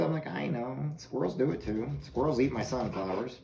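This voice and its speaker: A home cooking vlogger chats casually to viewers while cooking corn in his kitchen, rambling and amusing himself. His medium-pitched voice is gravelly and expressive, and he talks fast. The room is echoey, with background noise and a crowd audible.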